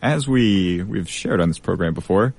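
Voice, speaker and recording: Low-voiced young male radio host. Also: expressive, moderate pace, vocal fry, a little mellow. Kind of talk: casual radio chat.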